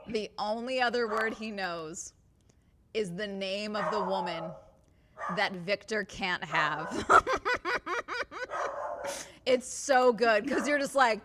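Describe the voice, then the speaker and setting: A woman talks casually on a stream in a middle-pitched voice, rambling and circling back with fillers and false starts. She sounds animated and chatty. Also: slow pace, long pauses, very noisy. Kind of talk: casual livestream chat.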